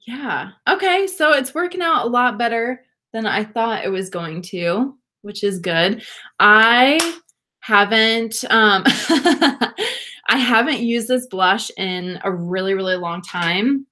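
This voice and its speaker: A woman's voice: a little high, sharp tone. Bubbly young woman with a lilt. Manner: bubbly, gushing, laughs often, talks to viewers. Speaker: beauty vlogger. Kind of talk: casual livestream makeup chat.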